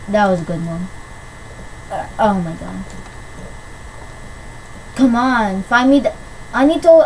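Woman, gameplay commentary, excitable, shrieky, higher voice, light background noise. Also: rough recording. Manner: excitable, shrieks when winning. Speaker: gamer. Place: at home on a PC.

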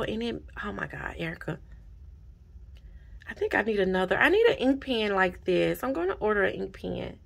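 A woman vlogging casually at her desk about budgeting supplies and mail she received, gushing and repeating herself when excited. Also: medium pitch, moderate pace, gravelly. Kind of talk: casual unboxing vlog. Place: home desk.

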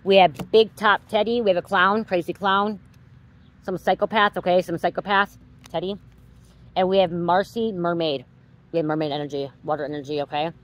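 The recording is rough, and the woman on it has a lowish voice with fairly even intonation and a normal pace. As a psychic card reader talking directly to viewers, she repeats herself emphatically, curses freely, and grows increasingly heated.

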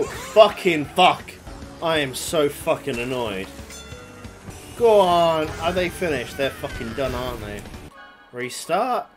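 A man giving excitable, swear-heavy let's play commentary, yelling at the game as he plays. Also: medium pitch. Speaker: gaming YouTuber. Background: game music.

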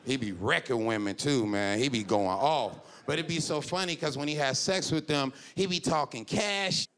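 A man's voice: medium pitch, moderate pace. A man doing a stand-up comedy set on a club stage, telling loose stories and slipping into quoted voices. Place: comedy club stage before a live audience. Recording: live club with loud audience and room noise.

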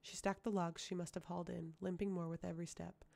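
Woman reading a fantasy audiobook, mellow dark voice, lots of vocal fry, steady pace. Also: on the low side, fast talker. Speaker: audiobook reader. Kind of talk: audiobook narration.

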